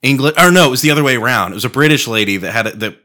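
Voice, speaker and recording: A man's voice: medium pitch, lively intonation, very fast, sharp tone. A man co-hosting a casual podcast chat, rambling, swearing and laughing often. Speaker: podcast co-host.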